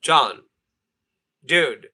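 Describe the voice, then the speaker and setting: A man's voice: on the high side, animated, very slow, pushed and bright, slightly rough. A man hosting a livestream group call, chatting casually and jokingly, often repeating himself. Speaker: livestream host.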